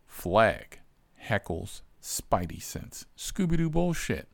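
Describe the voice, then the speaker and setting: A man, a rideshare driver, telling stories in a profane, animated, exasperated way. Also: fairly low pitch, measured pace, dry recording. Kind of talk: casual storytelling.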